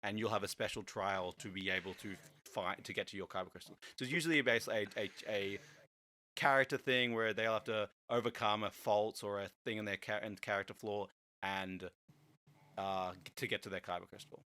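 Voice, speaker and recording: A man hosting a casual podcast, explaining at length and often stumbling into restarts. His voice is bright and forward, and he laughs easily as he goes. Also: on the low side, fairly even intonation, a little fast. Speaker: podcast host. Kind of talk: casual chat.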